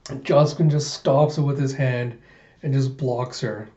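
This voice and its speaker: A man's voice: medium pitch, fairly even intonation, unhurried, mellow. A man casually narrating a comic readthrough, chatty and loose, adding sound effects, in a roomy, dull recording.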